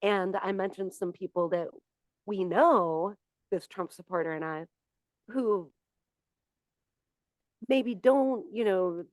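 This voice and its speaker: A woman's voice: mid-range voice, slow, pauses often, no echo. Middle-aged woman, podcast co-host, casual anecdotes, dry sound. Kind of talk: casual chat.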